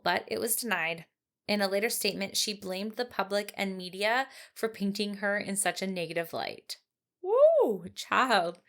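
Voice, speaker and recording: A woman with a mid-range voice who narrates a true-crime case for a podcast. She tells the story steadily and sounds calm and supportive when she talks with her co-host. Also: mid-range voice.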